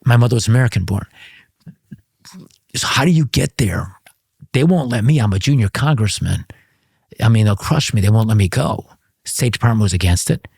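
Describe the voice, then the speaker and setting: A man who served as a congressman, talking as an interview guest and telling an anecdote in an animated way, with frequent restarts and bursts of laughter. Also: fairly low pitch, moderate pace, vocal fry, pauses often, breathy edge, no room sound, clean studio sound. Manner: speaks the language of his father's homeland. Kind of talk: storytelling in a conversational interview.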